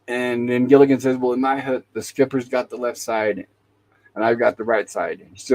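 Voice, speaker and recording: A man's voice: medium pitch, fairly even intonation, normal speed, darkish tone, poor audio. Man, podcast host, casual recap, quotes lines as he goes. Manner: retells scenes, quoting lines.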